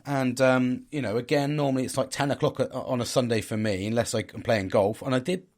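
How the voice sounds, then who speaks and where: A man's voice: medium pitch, steady tone, brisk. A middle-aged man, hosting a casual podcast chat, rambling and restarting his sentences, swearing freely and laughing at himself. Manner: candid, blunt and laughing at himself. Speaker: podcast host.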